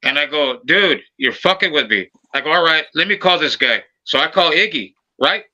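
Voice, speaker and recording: A man with a very bright, forceful voice tells a story on his podcast. He acts out each voice in the story and swears freely, keeping the chat loose and lively. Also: fairly high pitch, normal speed, lo-fi sound. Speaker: podcast host.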